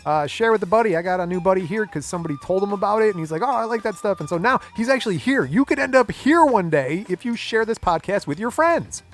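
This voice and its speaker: Male podcast host, middle-aged, fairly high voice, playful and quick to joke, faint music under him. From Michigan. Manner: animated, jokey, loud announcer-style intro. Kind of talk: casual podcast chat.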